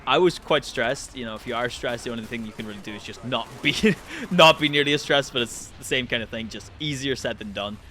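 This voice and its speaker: A young man tells a story to camera in casual commentary. He talks in an animated way, swears freely and jumps high in pitch when he gets excited. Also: a little fast. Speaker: channel host.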